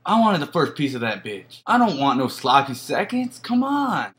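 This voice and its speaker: A man's voice: on the high side, very animated, moderate pace, fairly bright tone. A man playing a cocky young male vampire boyfriend, boasting in crude slang in a comedic parody monologue.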